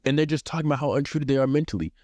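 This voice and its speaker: A man's voice: on the high side, rapid-fire, darkish tone. A man co-hosting a casual comedy podcast, sarcastically reading and mocking dating profiles. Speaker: podcast co-host.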